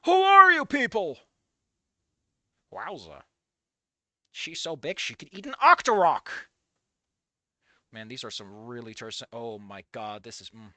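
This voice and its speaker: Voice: medium pitch, sing-song, moderate pace, pushed and bright, dry recording. A fanfic reader reading aloud with casual, profane, jokey asides and live commentary.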